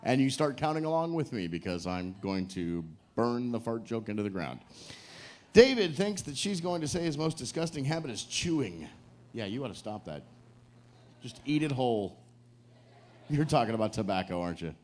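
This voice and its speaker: A man's voice: mid-range voice, big pitch swings, moderate pace, darkish tone. A man hosting a live game show on a cruise ship stage, joking with couples and teasing them. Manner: joking, teasing, hypes the crowd.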